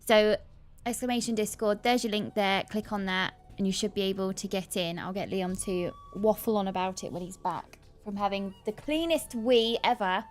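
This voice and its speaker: A woman co-hosting a casual livestream, chatty and quick to laugh as she reads out viewer comments. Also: mid-range voice, soft background music. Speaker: livestream co-host.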